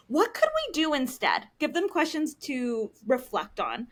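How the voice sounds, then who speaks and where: A woman's voice: high voice, wildly swooping pitch, a little slow. A woman counselor in a casual podcast conversation, explaining parenting strategies with acted-out examples and frequent fillers. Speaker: licensed professional counselor, podcast guest.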